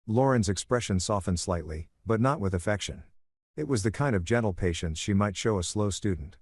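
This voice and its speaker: A man reading a first-person story aloud as narrator, in a measured, even storytelling manner. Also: on the low side, slightly rough, dry recording, studio quality.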